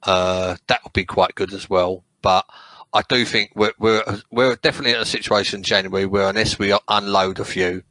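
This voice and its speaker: A man's voice: lowish voice, fairly even intonation, fairly quick, pushed and bright, no room sound, low-quality recording. A man from England chatting casually about football on a podcast, rambling and swearing freely. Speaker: podcast co-host.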